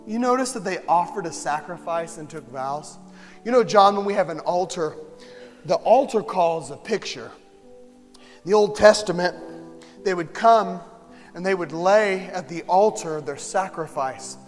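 A man preaching a sermon as pastor in a church, with impassioned delivery that swings from hushed to shouting. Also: high-pitched, a little slow. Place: church sanctuary. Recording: long hall reverb, faint music.

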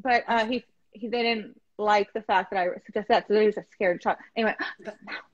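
A woman guest chatting casually, telling stories with lively acted-out quotes. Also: mid-range voice, brisk, lo-fi sound. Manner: animated storytelling, acts out quotes. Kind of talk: casual chat.

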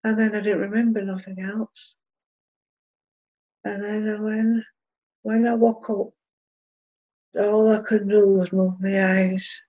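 A woman's voice: mid-range voice, little pitch movement, slow, pauses often, mellow, highs cut off. A middle-aged woman, plainly recounting a personal story in local dialect.

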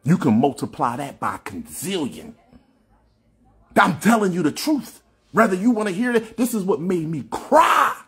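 A man's voice: high-pitched, very animated, normal speed, a bit bright, husky. A man giving a fervent, preachy spiritual monologue on a phone livestream, repeating himself and swearing often. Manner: fervent, preachy, repetitive, with frequent profanity. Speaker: livestream host.

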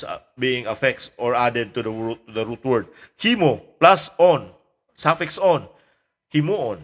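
Male language teacher, mid-pitched voice, casual lecture pace, repeats words as he explains. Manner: explains slowly with fillers, repeats example words.

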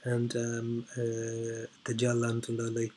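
A man giving unscripted commentary as he reads an article aloud, hesitant and filling pauses with ums and uhs, repeating points for emphasis. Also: medium pitch, completely flat delivery, darkish tone, slight background noise. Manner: emphatic repetition for stress. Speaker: video blogger.

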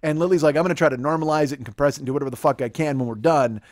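A man's voice: fairly high pitch, rapid-fire, no room sound, studio quality. A man in his forties hosting a comedy podcast, ranting in a rambling, profane way and mocking people with put-on quotes. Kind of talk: casual comedic chat. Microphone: close studio microphone.

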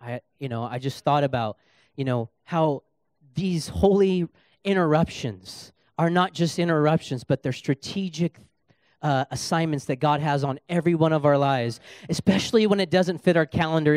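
A young adult man preaches as a guest speaker in a church sanctuary, delivering a sermon around a personal story and animatedly acting out the dialogue. His voice is a little high at a moderate pace, with studio-quality sound and no echo.

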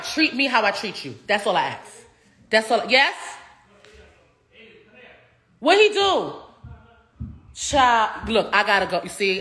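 A woman in her thirties, a reality TV cast member, chatting casually in an interview at a restaurant table, animated, swearing freely and laughing often. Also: deep voice. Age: 30s.

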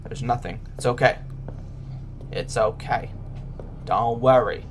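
A man's voice: medium pitch, takes it slowly, slight background noise. A man giving nervous let's-play commentary on a horror game, often murmuring reassurances to his viewers. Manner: jittery, whispers reassurances to viewers. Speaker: gaming YouTuber.

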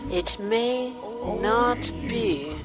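A solemn ancient spirit, put on by a man reading game text, speaks in a raised, drawn-out, commanding tone. Each archaic line comes slow and heavy, with game music behind it. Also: very high voice, lively intonation, voice pushed up, full character voice.

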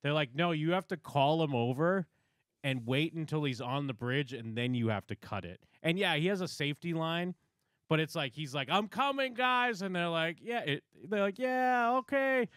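A man co-hosting a podcast casually recaps a reality show, telling it in an animated way and acting out the contestants' quotes. His slightly high voice is smooth and normally paced. The clean studio recording has no echo.

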